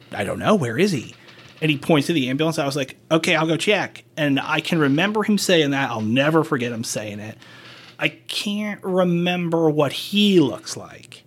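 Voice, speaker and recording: Telling stories on a laid-back podcast, a man who works as a paramedic talks openly, curses, and performs the lines of people he quotes. He has a fairly high-pitched, somewhat bright voice.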